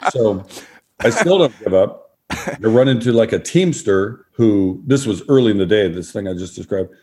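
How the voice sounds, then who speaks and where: A middle-aged man, a former sports broadcaster, telling relaxed anecdotes as a podcast guest and acting out quotes. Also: fairly low pitch, normal speed. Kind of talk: storytelling in a podcast interview.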